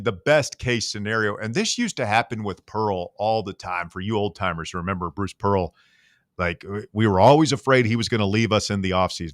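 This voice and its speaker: Joking sports radio host. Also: male voice, lowish voice, a bit bright, no room sound, clean studio sound. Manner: rambling, jokey, self-deprecating. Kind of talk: casual sports talk radio. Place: radio studio. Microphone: studio microphone.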